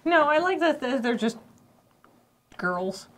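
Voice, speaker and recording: Chatty woman writer, slightly high voice, casual and thinking out loud. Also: big pitch swings, slow. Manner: chatty, laughs easily, restarts while thinking. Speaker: sketch writer. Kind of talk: casual brainstorming chat.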